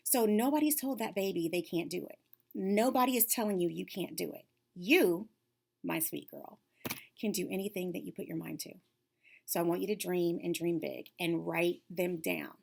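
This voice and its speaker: A woman's voice: lowish voice, normal speed, vocal fry, darkish tone. A woman giving an upbeat, encouraging talk to young girls, coaching them and dropping to a whisper for emphasis. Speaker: lead facilitator for girls' self-esteem class.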